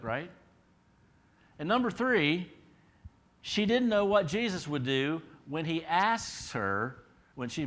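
A middle-aged man preaching an expository sermon as a pastor. He talks to the listeners in a conversational way, asks them rhetorical questions, and swings between emphatic rises and quiet drops. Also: a little high.

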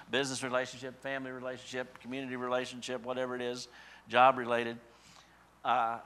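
A man preaching from the pulpit with a bright, forceful tone. He climbs into strong, repeated phrases, then lets each one fall away softly. His pitch sits in a middle range for a man. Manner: builds to emphatic repeated phrases then drops soft. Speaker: pastor. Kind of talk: sermon.

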